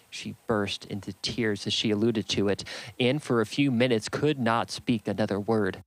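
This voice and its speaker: A man reading a classic novel aloud in a steady, measured narration. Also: fairly low pitch, low-quality recording. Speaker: audiobook reader.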